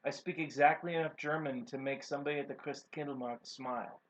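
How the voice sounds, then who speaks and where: Very low-voiced dry woman. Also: fairly even intonation, fairly quick. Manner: dry, wry remarks. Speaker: co-host. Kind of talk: casual chat on a stream. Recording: dull lo-fi stream audio.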